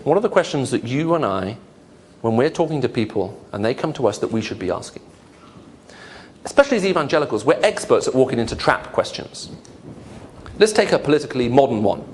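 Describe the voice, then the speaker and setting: Speaking briskly and with great animation, a medium-pitched man gives a funny apologetics lecture before a live crowd, peppering it with rhetorical questions. A bit of background noise can be heard.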